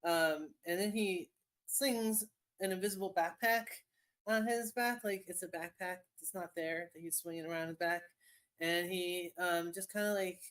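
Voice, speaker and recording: A woman running a tabletop game, her voice sitting a touch low as she rambles through the scene. She circles back on herself often, stringing description along. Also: fairly even intonation, normal speed, a bit bright. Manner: rambling, lots of fillers and restarts. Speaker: game master.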